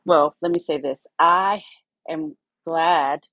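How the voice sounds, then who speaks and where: A woman co-hosting a podcast who speaks in a soft-spoken, heartfelt way about herself. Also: low voice, takes it slowly, no echo, dull audio. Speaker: podcast co-host. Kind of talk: casual podcast chat.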